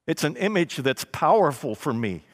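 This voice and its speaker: A man preaching a sermon, slow and emphatic, with dramatic pauses and scripture read aloud. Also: a little high, sing-song, long reverb tail. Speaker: pastor.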